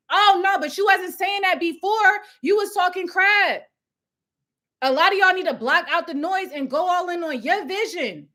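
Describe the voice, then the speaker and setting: A young woman preaches hustle on a live stream, loud and fired up. Her voice sits high and bright, with a forceful edge. She laughs often between points. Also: normal speed. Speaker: host of a live coaching stream. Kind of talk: live motivational talk. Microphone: phone or webcam at home with ring light.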